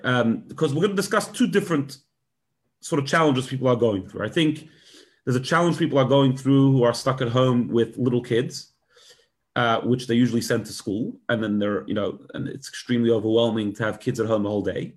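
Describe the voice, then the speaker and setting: A man's voice: mid-range voice, brisk. A man giving an informal talk to a room and an online audience, thinking aloud with many fillers. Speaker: speaker addressing a group.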